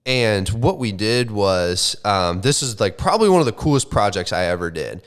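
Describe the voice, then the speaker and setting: Young man, lowish voice, loose swearing podcast storyteller, animated. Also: moderate pace, smooth. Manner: animated, swears often, says like and bro. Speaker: podcast co-host. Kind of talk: casual storytelling chat.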